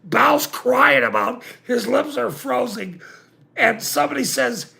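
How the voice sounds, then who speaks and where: A man's voice: very high-pitched, unhurried, gravelly, sharp tone. A man hosting a livestream, ranting and laughing, swearing often, insistent and repeating himself while he reacts to the chat. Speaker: livestream host. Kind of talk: casual livestream rant.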